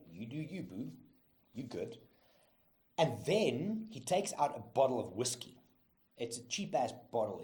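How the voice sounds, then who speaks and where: Middle-aged South African host, casual storytelling monologue, animated and profane, mid pitch. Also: male voice. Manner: animated, profane, laughs often. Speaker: podcast host.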